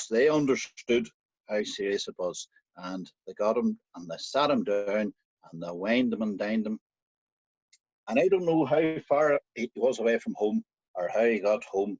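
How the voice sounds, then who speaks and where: Irish male storyteller, chatty folk-tale telling, lively intonation, dry lo-fi sound. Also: on the low side, moderate pace, husky, no room sound. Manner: lively, conversational, speaks to listener directly.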